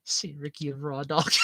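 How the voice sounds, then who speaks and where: Giggly, animated young woman chatting. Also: medium pitch, heavy background noise. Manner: giggly, animated storytelling with frequent laughs. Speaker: streamer chatting with viewers. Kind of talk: casual chat.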